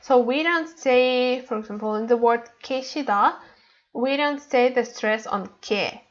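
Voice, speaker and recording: A woman's voice: on the high side, moderate pace, dull audio. A woman teaching a Korean language lesson online, speaking hesitantly with many fillers and repeating words for practice.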